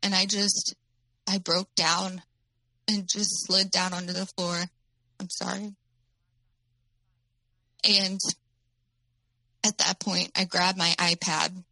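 A woman telling her own story as an interview guest, in a halting way with many fillers. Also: on the low side, level tone, bright, forceful tone, dry recording, low-quality recording.

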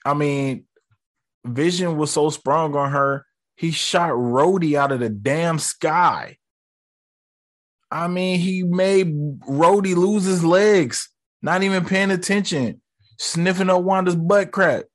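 Speaking slowly in a slightly high voice, this guy ranks movie moments for his audience as a vlogger. His delivery is casual, slangy and profane, aimed right at the viewers.

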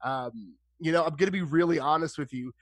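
A man's voice: a little high, a little fast, no echo. A man giving frank, analytical football talk as a podcast guest, with many fillers and restarts. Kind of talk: casual sports chat.

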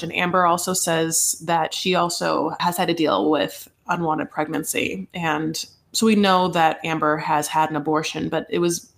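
A woman's voice: fairly low pitch, vocal fry. A woman co-hosting a podcast, retelling a reality show episode in casual chat with lots of asides and "like". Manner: animated storyteller, lots of "like" and asides. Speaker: podcast co-host.

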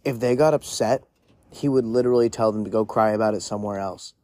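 A man's voice: lowish voice, quick pace, a little mellow, no echo, clean studio sound. A man telling a story in a casual monologue, rambling with lots of "like" fillers and frequent swearing. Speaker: podcast storyteller.

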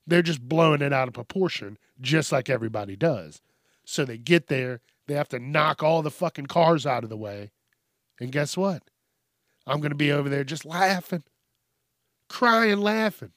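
A man rants through a comedic news podcast, swearing freely and breaking into laughter at himself. His voice sits a little high for a man. The recording is bone-dry and close. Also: no echo. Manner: profane, exasperated ranting with bursts of laughter. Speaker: podcast host.

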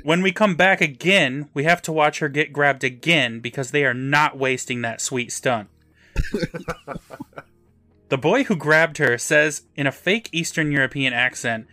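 Bright, dry-voiced man recapping an episode. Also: fairly high pitch, unhurried, no room sound. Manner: deadpan, crude asides while recapping. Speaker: podcast co-host recapping an episode. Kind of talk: casual recap narration with jokes.

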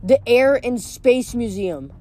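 Irritable young man, bitter, impatient, voiced by a woman reader, mellow tone. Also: on the high side, lively intonation, moderate pace, faint music behind, natural voice.

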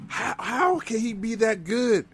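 A man in casual chat, excitable and slangy, laughing along and calling his co-host "bro". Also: very high voice, a little slow. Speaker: podcast co-host.

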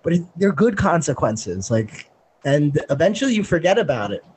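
A man's voice: fairly high pitch, very animated, normal speed, darkish tone, slight background noise. A man co-hosting a podcast in loose casual chat, swearing freely and laughing often. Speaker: podcast co-host.

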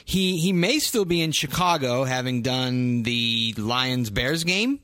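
A male podcast host chats casually and jokes around, laughing often. His voice sits at a middle pitch. The recording is dry and close. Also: lively intonation, slow, pushed and bright, dry recording.

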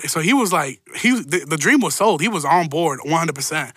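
A man's voice: on the high side, expressive, a little fast, few pauses, a bit bright, slightly rough, dry recording. A man telling a rambling, profane story in a casual monologue, with laughing asides.

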